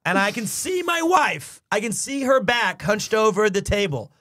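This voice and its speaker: A man's voice: sits high, moderate pace. A man hosting a live stream from his home, chatting casually and telling stories with lots of laughter. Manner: animated, laughing storyteller. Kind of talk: casual chat. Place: home in Japan.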